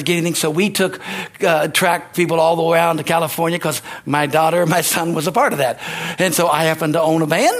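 On the high side and fairly bright, this man's voice carries a stirring sermon. He's a pastor preaching call-and-response, calling out amen and hallelujah between points.

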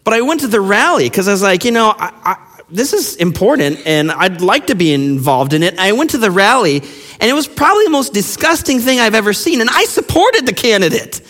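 A pastor delivers a sermon in a high, lively voice, speaking fairly quickly and swinging widely between peaks and quiet drops. His impassioned preaching is packed with rhetorical questions, and a long hall reverb trails after every phrase.

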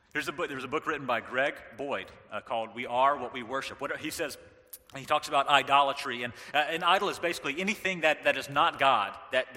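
A middle-aged man from the American South giving a lively, joking sermon as a pastor. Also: mid-range voice, in a large hall. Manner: animated, joking, with playful impressions.

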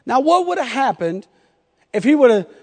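High-voiced Southern pastor in a hall. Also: male voice, big pitch swings, normal speed, a little mellow. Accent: Southern US, North Carolina. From North Carolina, US. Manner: humorous storytelling with frequent laughter. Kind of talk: sermon.

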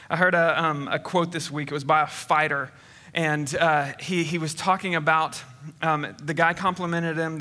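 Bright-voiced preaching man in a reverberant hall. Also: high voice. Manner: earnest, conversational preaching with frequent restarts. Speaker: pastor. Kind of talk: sermon. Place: church sanctuary.

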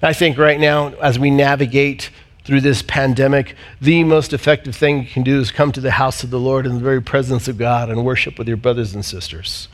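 A man preaching a sermon as pastor, swinging between loud emphatic peaks and low, quiet passages. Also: fairly even intonation, fairly quick.

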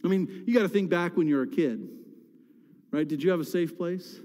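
A man's voice: fairly high pitch, moderate pace, a little mellow, a little hiss or hum. A man preaching a sermon as pastor, talking conversationally with the congregation and rising to impassioned cries at times. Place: church sanctuary. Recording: reverberant church hall.

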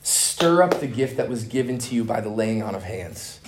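With background noise behind him, a young conference speaker with a lowish voice teaches a master class at a moderate pace. He is expressive, sharing stories in a casual, earnest manner peppered with slang and restarts.

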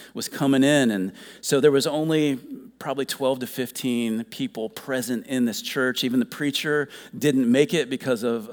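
A man preaching a sermon, retelling a story and quoting it with rising fervor. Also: mid-range voice. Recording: reverberant hall with soft guitar.

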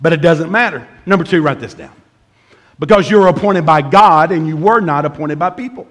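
A middle-aged man preaching a sermon, telling a comic story with animated shouts and laughs before moving into his teaching. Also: fairly high pitch, brisk. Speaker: pastor.

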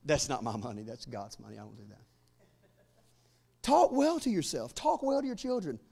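A man in his forties preaching a sermon as pastor, joking with the congregation and building to loud, fervent declarations. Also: medium pitch, very animated, normal speed, creaky, husky. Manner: humorous asides to the congregation.

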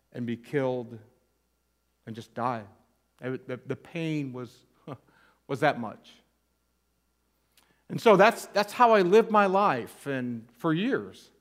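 A man, an interim pastor, giving a personal testimony sermon with candid storytelling, earnest and self-deprecating. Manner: earnest, softening low at emotional points.

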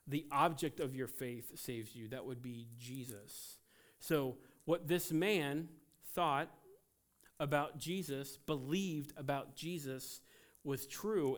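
Male pastor mid-sermon, somewhat high voice, lively and emphatic, dropping to quiet asides. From United States. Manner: animated, emphatic, swings between loud peaks and quiet asides.

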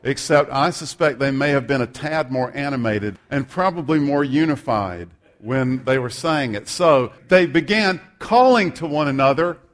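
A man's voice: mid-range voice, animated, normal speed, few pauses, a faint crowd. A male pastor preaching a sermon, reading scripture aloud and adding humorous, self-deprecating asides.

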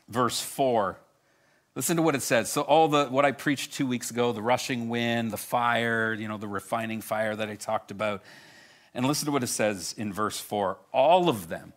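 A middle-aged man preaching a sermon, animated and storytelling, with self-deprecating humor. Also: medium pitch. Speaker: pastor.

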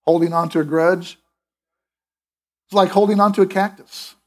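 A man's voice: high-pitched, fairly even intonation, moderate pace. A middle-aged man preaching a sermon in an emphatic, conversational way, with restarts and asides. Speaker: pastor.

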